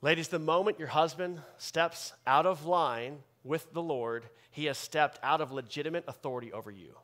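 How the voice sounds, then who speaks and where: A man pastor delivering a sermon with emphatic preaching that swings from loud bursts to quiet asides. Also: a little high, normal speed.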